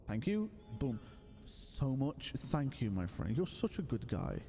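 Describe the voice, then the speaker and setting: A young man giving playful, excitable live commentary while streaming a game, full of loud exclamations and silly voices. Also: medium pitch, measured pace, vocal fry, big-room sound, soft background music.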